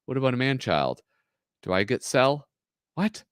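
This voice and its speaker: A man hosting a live stream, reading comics aloud in an animated, joking way and laughing often. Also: mid-range voice, moderate pace, clean tone, no room sound, clean studio sound. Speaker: host.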